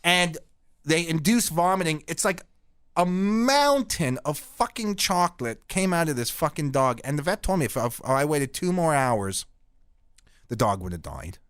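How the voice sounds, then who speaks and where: A middle-aged man from Canada hosting a podcast, telling rambling stories in a crude, deadpan comic way. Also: a little high, a little slow, clear, resonant tone, no room sound. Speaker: podcast host. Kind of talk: casual profane storytelling.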